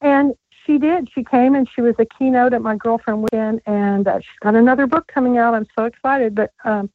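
A woman's voice: fairly high pitch, brisk, few pauses. A woman guest author calling in, telling rambling stories with lots of restarts. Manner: chatty, rambling, stammering restarts. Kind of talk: casual storytelling interview. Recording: thin phone-line sound.

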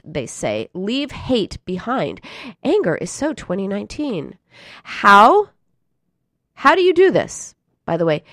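A woman's voice: medium pitch, no room sound, studio quality. A grown woman talking straight to her listeners in a casual advice talk, earnest and emphatic, now and then acting out feelings in short bursts. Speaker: self-help speaker.

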